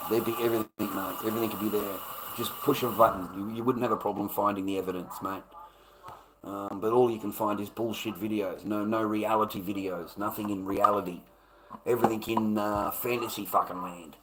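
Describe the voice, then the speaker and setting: A man's voice: lowish voice, steady tone, fairly quick, background noise. A man ranting casually to his chat, profane and repetitive, calling listeners mate and brother. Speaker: livestream host.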